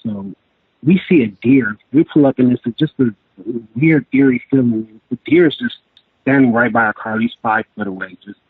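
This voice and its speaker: Male guest on a phone line, husky voice, dry and tinny sound, halting and rambling delivery. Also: mid-range voice, no echo. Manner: rambling, halting, many restarts and fillers. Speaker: guest telling his encounter. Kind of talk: casual storytelling interview.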